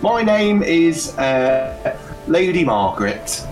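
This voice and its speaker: A man's voice: on the high side, big pitch swings, slow, a little mellow, faint music behind, pitched above the performer's own voice. A man putting on a sugary older barmaid voice. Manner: syrupy, overly polite.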